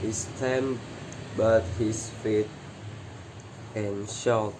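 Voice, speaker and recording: A male student reading a children's story aloud, halting and careful, correcting his own slips. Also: medium pitch, low-quality recording. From Indonesia. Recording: steady air-conditioner hum.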